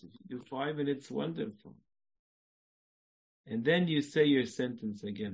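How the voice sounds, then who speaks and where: A man's voice: medium pitch, a little slow, pauses often, darkish tone, slightly rough, rough recording. A man giving a religious lecture, repeating short phrases, laughing and breaking into song. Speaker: Jewish lecturer.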